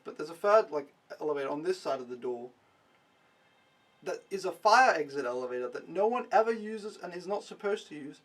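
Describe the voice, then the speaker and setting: A man's voice: fairly high pitch, far from the mic. A young man vlogging a casual, rambling recap, mocking himself and swearing freely.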